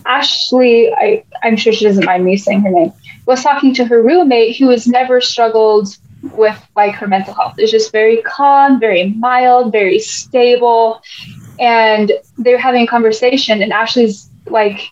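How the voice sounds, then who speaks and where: A woman's voice: fairly high pitch, moderate pace, darkish tone. An American woman hosting a casual podcast chat, rambling with many restarts and losing her train of thought. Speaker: podcast host. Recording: muffled lo-fi podcast audio.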